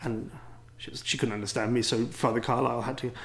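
A man's voice: medium pitch, fairly even intonation, fast. A man with an English accent, a priest and teacher, giving a wry, rambling, self-deprecating talk to a gathering. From England.

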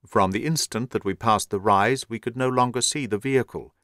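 A man's voice: mid-range voice, brisk, a bit bright, no echo. Man narrating a classic story, dry sound. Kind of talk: audiobook narration.

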